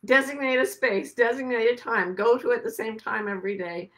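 A woman's voice: a little high, steady tone, fairly quick, rough recording. A woman hosting a podcast, giving a reflective spiritual talk in an earnest, emotional way, close to tears. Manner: earnest, emotional, softly repetitive. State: tearful, on the verge of crying. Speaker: podcast host.

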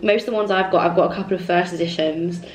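A woman of twenty from England chatting casually to camera in her bedroom, gushing and excitable, full of "literally" and "like". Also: lowish voice, quick pace. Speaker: vlogger. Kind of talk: casual vlog chat. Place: small bedroom indoors with fairy lights.

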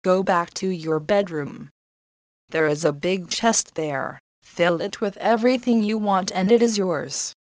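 A woman's voice: fairly low pitch, measured pace, no room sound, lightly acted. Woman doing a big angry storybook beast, bossy, dry close sound. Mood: calm. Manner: stern, commanding. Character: huge angry male beast in a castle.

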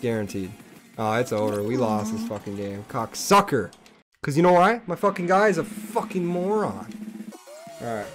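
Young male streamer for PC gameplay, foul-mouthed, veers from low muttering to shouting. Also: normal speed, faint music behind. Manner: swings between mumbling asides and yelling outbursts. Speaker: gaming channel host. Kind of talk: profane gameplay commentary.

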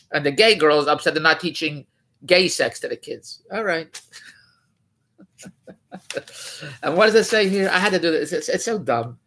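A vlogger with a high-pitched, pushed, bright male voice riffs on a news article, rambling and mocking it. He digresses, keeps correcting himself, and sounds incredulous throughout.

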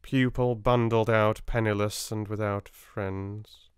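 A man with a British accent reading a soft-spoken audiobook, voicing a shrewd businessman who speaks calmly with a faintly sinister edge. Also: on the low side, clear, resonant tone, no room sound, clean studio sound. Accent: British English. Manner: calm, unhurried, faintly sinister. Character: cool, shrewd middle-aged male solicitor.

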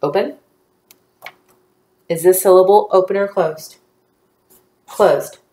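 A woman teaching a phonics lesson to young children, patient and encouraging, drawing out each word slowly. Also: lowish voice, dark tone, roomy sound.

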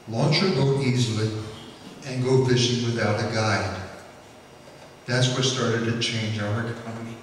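A man's voice: mid-range voice, a little hiss or hum. A man giving a public history lecture, telling folksy anecdotes with frequent fillers. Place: lecture hall. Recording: echoey hall from far off.

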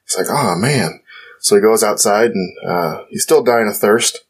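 A man chatting as a guest on a podcast, relaxed and quick to laugh. His voice sits on the low side, and he gets louder when he tells a joke. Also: slight background noise, poor audio. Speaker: podcast guest, forum owner. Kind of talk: casual chat.

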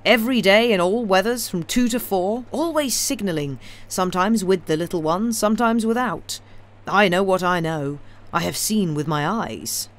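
Eager fawning little workman, pitched up and loud, a woman voicing him, storybook. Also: normal speed, natural voice. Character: fearful eager little male wood sawyer.

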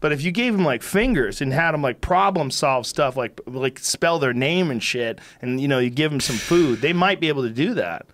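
A man in his fifties hosting a podcast, telling stories in casual chat, animated and profane. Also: mid-range voice, moderate pace, hardly any pauses, no room sound. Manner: animated, profane, laughing storyteller. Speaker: podcast host.

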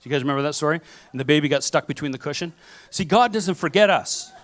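Animated man preaching a sermon. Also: fairly high pitch, fast talker. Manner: animated storytelling with acted-out quotes. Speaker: pastor. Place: church sanctuary.

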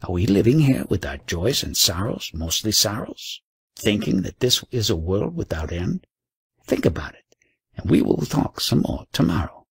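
A man voicing a wise, gentle old male lama teacher in an audiobook, calm and kindly. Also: fairly low pitch, moderate pace, vocal fry, husky, no echo, clean studio sound, exaggerated voice. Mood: musing.

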